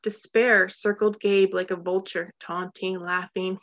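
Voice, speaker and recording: A woman's voice: medium pitch, dull audio. Woman narrating a storybook. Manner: steady, measured, slows for tension. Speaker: audiobook narrator.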